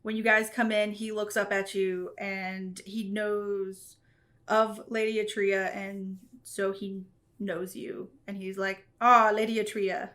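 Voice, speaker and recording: Woman game master narrating slowly. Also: mid-range voice, level tone, a bit bright. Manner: slow, descriptive scene-setting.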